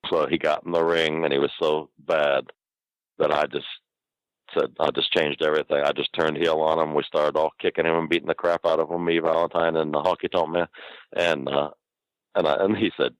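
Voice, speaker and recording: A man's voice: sits low, steady tone, fairly quick, dry recording, rough recording. An older man, a guest, telling a rambling, profane anecdote in casual chat and laughing as he goes.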